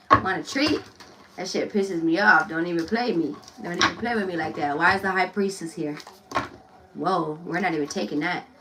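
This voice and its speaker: A woman's voice: on the low side, recorded from a distance, very noisy. Chatty, blunt woman reading tarot. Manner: loose, chatty and blunt, swears freely, laughs often. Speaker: tarot reader.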